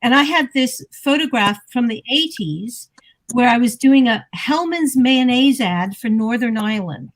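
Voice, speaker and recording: Woman talk show guest, high-pitched, animated and playful storytelling. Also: a little slow, low-quality recording. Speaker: guest actor. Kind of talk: casual talk show chat.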